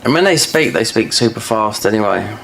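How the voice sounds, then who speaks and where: Gravelly man rambling while gaming. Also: on the low side, expressive, fairly quick, fairly bright tone, a little hiss or hum. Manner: rambling, full of fillers and restarts. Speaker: gaming streamer. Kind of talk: casual chat while playing a game.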